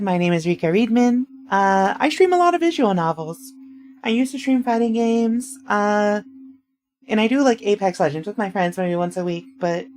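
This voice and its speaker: A woman's voice: mid-range voice, darkish tone. A woman streaming a game, chatting casually with her viewers in a rambling, eager way, her voice a little scratchy. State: slightly scratchy voice. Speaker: VTuber streamer. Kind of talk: casual live-stream chat while playing. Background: game music.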